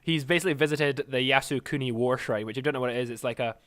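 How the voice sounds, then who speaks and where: A man's voice: mid-range voice, rapid-fire, fairly bright tone, no room sound. A man co-hosting a casual comedy podcast, laughing a lot and slipping into silly mock quotes. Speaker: podcast co-host.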